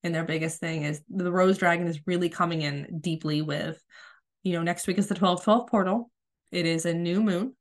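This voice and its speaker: Woman podcast host, slightly low voice, gentle and soothing, has a cold, casual solo talk. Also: normal speed. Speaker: podcast host, spiritual coach.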